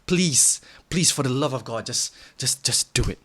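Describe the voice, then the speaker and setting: A young man vents straight to camera in a motivational rant, cursing freely and blunt in his delivery. His voice sits at an ordinary pitch, dropping low and quiet at times before it bursts into loud shouting. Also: lively intonation, normal speed, breathy edge. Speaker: vlogger.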